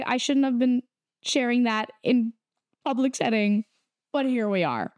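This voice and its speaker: Young woman chatting, kinda high voice, dry close sound, acts out what people said. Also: moderate pace, no echo. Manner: animated, quotes people in her story. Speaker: storyteller. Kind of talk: casual chat.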